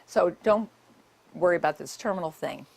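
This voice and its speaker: A woman's voice: lowish voice, normal speed, creaky, a little mellow, slightly rough. An older woman, a nurse, giving a public talk and telling her stories in a conversational way with many asides.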